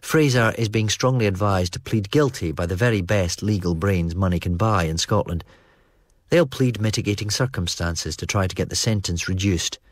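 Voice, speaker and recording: Give me a male audiobook narrator with a steady, even delivery and a dry close sound. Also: deep voice, moderate pace, dry recording. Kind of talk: first-person audiobook narration.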